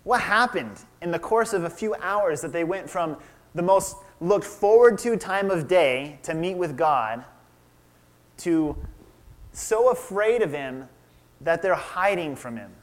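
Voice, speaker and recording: A man in his thirties preaching, his voice sitting a touch higher than most men's. He retells a story in sermon style, stops to ask his listeners questions, and acts out the quoted lines. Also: animated, unhurried.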